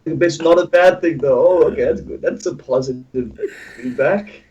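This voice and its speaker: A man's voice: on the high side, moderate pace, darkish tone, highs cut off, a little hiss or hum. A man joining a casual livestream chat, talking loosely.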